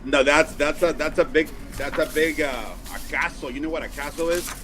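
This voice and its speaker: A Mexican baseball broadcaster in his 40s chats as a guest in a casual interview, telling animated stories, restarting quickly and acting out quotes. His voice is on the high side. The audio is poor.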